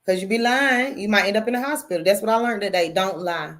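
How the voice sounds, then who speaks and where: Woman host, casual storytelling, salty language, lively chatty delivery, talks straight to the listeners. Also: medium pitch, quick pace. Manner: animated, profane, addresses audience as y'all.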